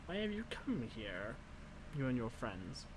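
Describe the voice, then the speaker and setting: A man voicing a wizened old witch with a creaky, drawn-out old lady voice. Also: medium pitch, very animated, noisy background. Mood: suspicious.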